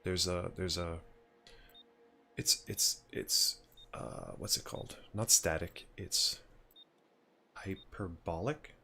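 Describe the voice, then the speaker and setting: A man's voice: sits low, steady tone, slow, vocal fry, long pauses, bright, forceful tone, faint music behind. A man streaming a shooter game, chatting casually and rambling as he reacts to the play. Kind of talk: casual gameplay commentary.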